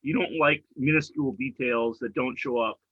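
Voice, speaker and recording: Male podcast co-host, measured and thoughtful, slightly husky, lo-fi dry mic. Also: medium pitch, dry recording. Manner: measured, reasoning things through. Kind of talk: casual podcast chat.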